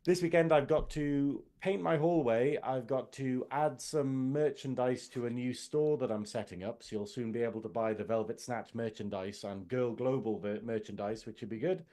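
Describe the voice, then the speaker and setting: A man's voice: medium pitch, fairly even intonation, moderate pace, few pauses, dark tone. Man, Northern English accent, podcast co-host, chatty, rambling, laughs often. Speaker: co-host, science officer. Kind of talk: casual podcast chat.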